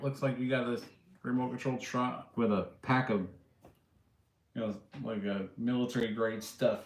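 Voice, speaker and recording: A man hosting a casual live stream, talking in a rambling way with many fillers and restarts. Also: medium pitch. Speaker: livestream host and drone builder. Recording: roomy echo.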